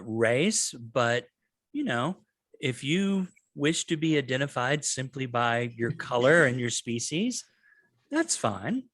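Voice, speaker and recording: A man's voice: mid-range voice, a bit bright, dry recording. Man doing a dry, well-spoken female dwarf.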